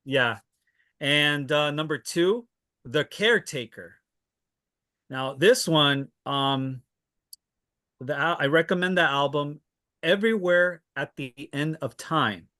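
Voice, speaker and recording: Slow, bright-voiced man recommending music. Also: a little high. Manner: unhurried, hesitant with many fillers and restarts. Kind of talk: casual chat.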